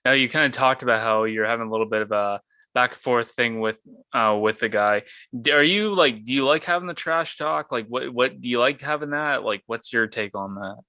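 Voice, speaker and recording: Brief: male podcast host, bright tense voice, hesitant questions, dead dry sound. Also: mid-range voice, fairly quick, dry recording. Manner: hesitant, filler-heavy questions. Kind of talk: interview questions.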